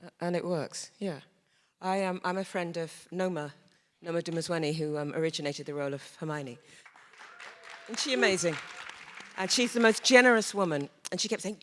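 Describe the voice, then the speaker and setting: A woman, a stage actor on a discussion panel, telling stories in an animated way and acting out what people said. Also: fairly low pitch, fairly quick. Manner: animated storyteller, acts out quoted dialogue. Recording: long reverb.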